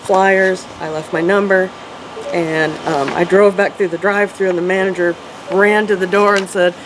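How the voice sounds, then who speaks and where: A middle-aged woman, an interview guest, earnestly and emotionally telling a personal story, with halting restarts. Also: fairly low pitch, steady tone. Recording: noisy background hum.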